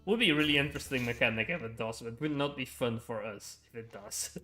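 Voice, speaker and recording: A man's voice: medium pitch, fast, bright, forceful tone, soft background music. A young man chatting casually on a gaming livestream, rambling with frequent chuckles and filler words.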